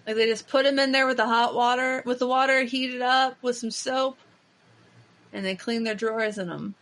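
A woman's voice: a little high, steady tone, moderate pace, fairly bright tone. A woman hosting a podcast, chatting casually and enthusiastically, with lots of filler words. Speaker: podcast host. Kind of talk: casual chat.

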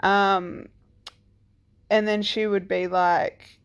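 A woman's voice: mid-range voice, flat delivery, drawn-out words, clear, resonant tone, dull audio. A woman in her thirties or forties, a single parent, telling a personal story in a casual, rambling way, with lots of "like" and "um" and some swearing. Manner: rambling, full of "like" and "um", swears freely.

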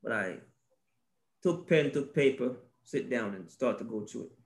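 A male podcast co-host in faith-based conversation, animated and preachy, acting out little scenes and repeating his key phrases. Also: mid-range voice, normal speed.

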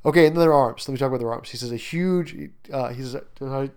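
Male teacher walking a class through a story, lively and emphatic, chatty asides. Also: mid-range voice, fast talker, clean tone. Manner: animated, emphatic, with frequent fillers and asides. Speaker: literature teacher. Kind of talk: lecture on a short story, reading passages aloud.

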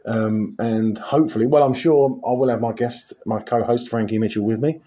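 A man's voice: medium pitch, steady tone, normal speed, dark tone. A man hosting a casual podcast, rambling with lots of ums and uhs. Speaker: podcast host.

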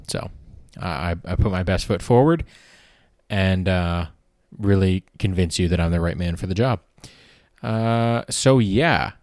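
Man, podcast host, low voice, dry close sound, rambling, sardonic, swears a lot. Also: a little mellow, no room sound. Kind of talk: casual comedic monologue.

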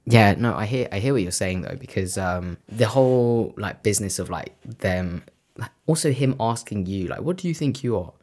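Very low-voiced young woman co-host. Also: animated, normal speed, darkish tone. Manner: supportive, thoughtful, frequent fillers. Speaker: podcast co-host. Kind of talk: casual chat.

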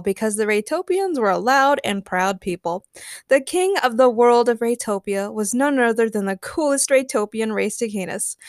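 A woman's voice: on the high side, dry recording, studio quality. A woman hosting a podcast, chatting playfully and then narrating short fan stories. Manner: upbeat, playful, giggles at her own jokes. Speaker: podcast host and fanfic narrator. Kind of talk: casual podcast chat and storybook narration.

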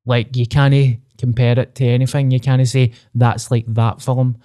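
A man's voice: mid-range voice, little pitch movement, normal speed, mellow, no room sound, clean studio sound. Sweary Glaswegian man on a podcast. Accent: Glaswegian Scottish. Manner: blunt and sweary, open about personal struggles. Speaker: podcast co-host. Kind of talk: casual podcast chat.

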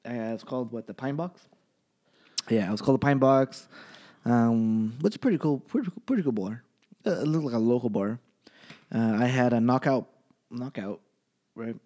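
A man's voice: mid-range voice, normal speed, pauses often. A man from California telling a story in casual chat, swearing constantly and laughing as he goes. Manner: profane, animated, laughing through his story.

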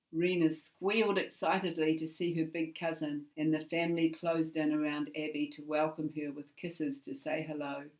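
A woman with a notably low voice reads a family drama in a measured, even narration. She sounds slightly distant from the microphone. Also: vocal fry. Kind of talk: scripted narration of a family story.

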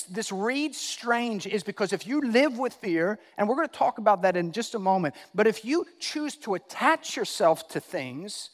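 A male pastor preaching a sermon, emphatic, repeating key phrases and swinging between loud and hushed. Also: sits high, expressive, moderate pace, few pauses, long reverb tail.

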